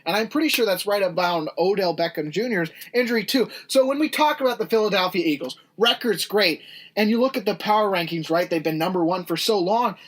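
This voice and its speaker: A man's voice: high voice, expressive. Guy ranting about football on a podcast, fired up, kinda breathless. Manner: fast, indignant ranting. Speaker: podcast co-host. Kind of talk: heated sports rant.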